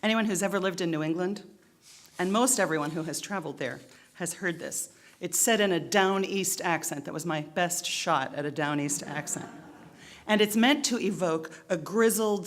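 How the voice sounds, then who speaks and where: Middle-aged woman pastor, low-pitched. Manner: expressive preaching with dramatic pauses. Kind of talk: scripture reading and sermon. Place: church sanctuary.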